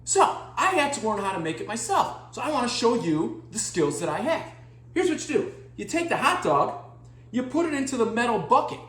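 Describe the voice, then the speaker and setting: A clueless, boastful cooking guy , played by a woman, with a higher voice that swings up and down in pitch. He delivers silly tips with mock seriousness in an echoey room. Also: fairly quick. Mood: goofy boastful. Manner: boastful, deadpan silly, jumpy loudness. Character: clueless goofy male home-cooking guy. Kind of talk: comedy sketch monologue.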